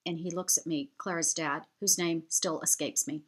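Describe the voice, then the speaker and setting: A woman's voice: low voice, steady tone, moderate pace. A woman, chatting to camera as she tells a heartfelt story. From United States. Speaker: vlogger.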